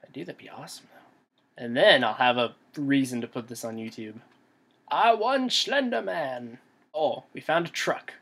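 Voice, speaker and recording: A man's voice: mid-range voice, brisk, fairly bright tone, husky. A man giving let's play commentary on a horror game, jumpy and nervous, talking to himself as he plays. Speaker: gamer.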